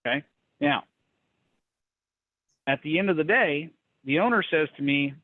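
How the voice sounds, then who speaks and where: A man's voice: moderate pace, long pauses, no room sound. Blunt man on a tinny call line. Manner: blunt, animated, acts out quotes in a higher voice. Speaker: business coach hosting a mastermind call. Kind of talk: casual storytelling talk.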